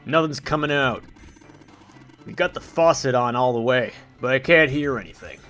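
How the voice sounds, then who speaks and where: A man voicing a big, blunt, dim-witted male brawler in a gruff put-on deep voice, acting out a game character on a livestream. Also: normal speed, fairly bright tone, soft background music, lightly acted. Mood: puzzled.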